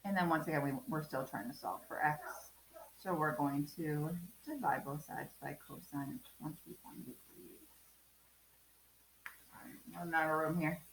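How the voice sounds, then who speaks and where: A woman's voice: low-pitched, unhurried, slight background noise. Chatty woman teacher, echoey room. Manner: chatty, many ums, talks through steps. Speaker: math teacher. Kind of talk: remote class lesson.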